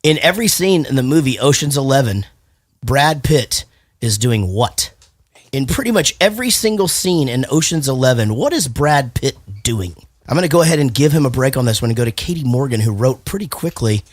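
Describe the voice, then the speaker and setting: A man hosting a casual movie podcast and quiz, talking in an animated way, laughing often and swearing casually. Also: mid-range voice, a little fast, dry recording, studio quality. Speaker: podcast host. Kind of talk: casual chat, quiz host.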